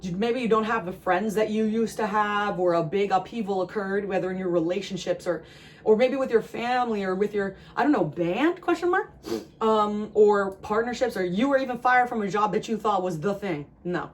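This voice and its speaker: Emphatic woman giving a tarot reading. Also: moderate pace. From New Jersey. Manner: emphatic, repeats phrases, swings high with excitement. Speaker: tarot reader. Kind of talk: channeled tarot reading to camera.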